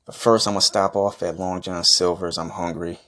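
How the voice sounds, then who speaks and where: Deep-voiced brash trash-talking man. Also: little pitch movement, brisk, pushed and bright. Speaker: podcast host in a comic wrestler persona. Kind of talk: comedic trash-talk monologue.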